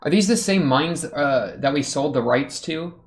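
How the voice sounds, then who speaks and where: A man's voice: fairly high pitch, expressive, moderate pace. A young man hosting an anime reaction video, talking casually and joking in muttered asides as he watches.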